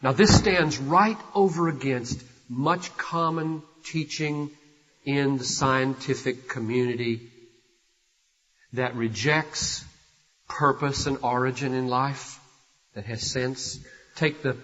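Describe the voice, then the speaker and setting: An older man, a pastor, preaching an impassioned sermon that swells from hushed to loud and urgent. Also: medium pitch. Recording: dull, echoey hall recording.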